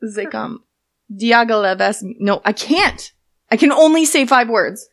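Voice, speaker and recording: A woman's voice: a little high, lively intonation, normal speed, fairly bright tone. Joking, profane young woman. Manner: profane, joking, reads excerpts aloud. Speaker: podcast co-host. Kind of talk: casual chat.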